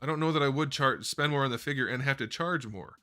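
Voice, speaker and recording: Talking fast into a desk microphone, a man runs a laid-back live Q&A, answering viewer questions in a rambling manner and correcting himself as he goes. His mid-range voice is bright and forceful, with faint music in the background.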